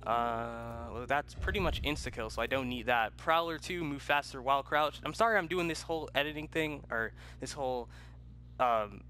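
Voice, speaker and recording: A young man commentates a game from home in a bright, forceful voice. He rambles casually, then bursts into loud yells. A faint hiss sits behind his home mic. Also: medium pitch. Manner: rambling, with loud yelled outbursts. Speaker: gaming YouTuber. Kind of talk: let's play commentary. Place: home room.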